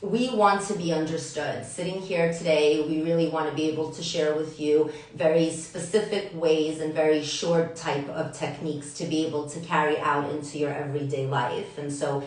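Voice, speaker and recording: A woman co-hosting a podcast, explaining communication skills in a measured, teacherly way. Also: low voice, fairly even intonation, darkish tone. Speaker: podcast co-host. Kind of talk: casual podcast chat about communication. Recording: echoey room, distant mic.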